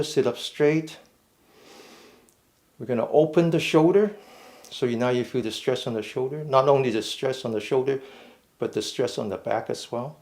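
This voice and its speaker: A man leads a mindful fitness class in a mid-pitched voice. He gives slow, step-by-step cues for each stretch and often checks in with a quick "okay?". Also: darkish tone. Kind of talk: guided stretching instruction.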